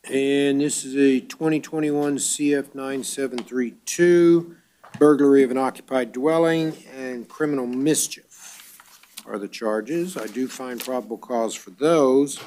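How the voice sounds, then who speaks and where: A man presiding as judge at a court bond hearing, reading charges briskly and dropping dry wisecracks. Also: mid-range voice, dark tone, slight background noise.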